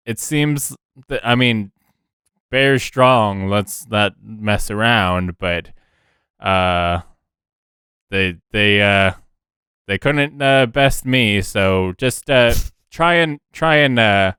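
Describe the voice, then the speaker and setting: A man playing a tabletop role-playing game, describing and voicing his character in a halting way with many fillers and restarts. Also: on the low side, a bit bright, clear, resonant tone, dry recording, clean studio sound. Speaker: player.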